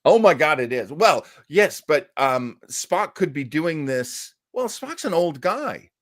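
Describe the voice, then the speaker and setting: A man's voice: on the high side, very animated, slow, no room sound, studio quality. A man co-hosting a casual review show, rambling and stumbling over his words with fan enthusiasm. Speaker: podcast co-host.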